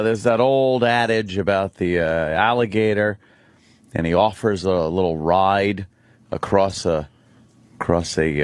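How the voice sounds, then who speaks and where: A man's voice: low-pitched, dry recording, clean studio sound. A man hosting a radio show, telling a rambling story and laughing along with his co-hosts. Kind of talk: casual radio banter.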